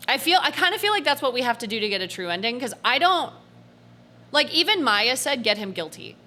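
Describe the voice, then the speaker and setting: A young woman streamer commentating casually on a game, animated and giggly, swearing now and then. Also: high-pitched, brisk, soft background music. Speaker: gaming streamer. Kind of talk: casual let's-play commentary.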